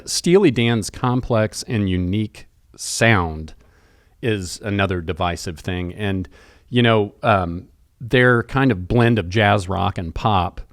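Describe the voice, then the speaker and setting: A man's voice: sits low, no room sound, studio quality. A man co-hosting a podcast, chatting casually and thoughtfully about music, rambling with restarts. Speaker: podcast co-host.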